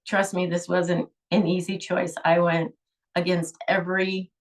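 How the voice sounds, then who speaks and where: A woman's voice: lowish voice, flat delivery, slow pace, distant mic. A middle-aged woman, a holistic healer, telling a personal story in an emotional, rambling way, with sighs.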